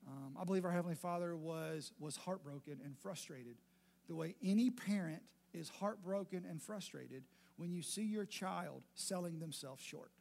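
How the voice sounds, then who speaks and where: A man delivers a sermon in a relaxed, conversational tone that keeps building emphasis. His voice sits notably high. He leans on repeated phrases to drive each point home. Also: normal speed, creaky. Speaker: pastor.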